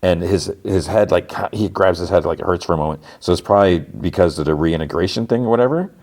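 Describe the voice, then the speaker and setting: A man's voice: low-pitched, quick pace, creaky, a little mellow. A man hosting a podcast, retelling a TV episode in a rambling, casual way, full of fillers. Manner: rambling, heavy use of "like". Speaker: podcast host.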